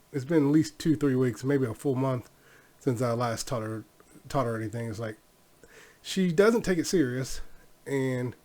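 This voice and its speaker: A middle-aged man hosting a solo podcast, telling stories in a blunt, rambling way with many fillers. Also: mid-range voice. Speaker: podcast host. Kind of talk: casual solo podcast monologue.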